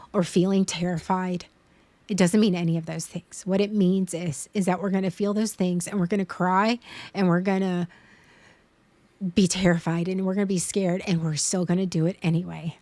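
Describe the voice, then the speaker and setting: A woman in her thirties speaks earnestly and openly on a stream. Her voice sits a little low. The sound is dry and close, with no room around it. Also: warm tone, no room sound. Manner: earnest, vulnerable, tearful at times. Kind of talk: emotional casual chat.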